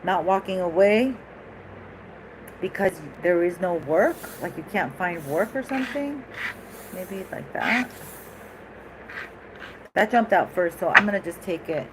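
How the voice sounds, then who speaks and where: Woman tarot reader, lowish voice, rambling and chatty, noisy recording. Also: unhurried, long pauses. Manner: chatty, animated, laughs often, rambling asides. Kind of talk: casual tarot reading.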